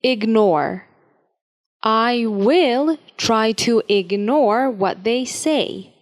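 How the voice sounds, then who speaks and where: Very slow, careful woman teacher. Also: on the high side. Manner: slow, deliberate, carefully enunciated word-by-word reading. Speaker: language teacher. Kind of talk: vocabulary drill lesson.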